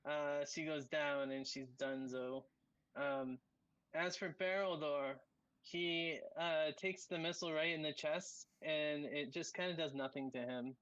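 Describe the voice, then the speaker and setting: Halting, laid-back game master. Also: medium pitch, fairly even intonation, fairly bright tone, dry recording, muffled recording. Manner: halting, full of ums and laughs. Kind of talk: narrating a tabletop game.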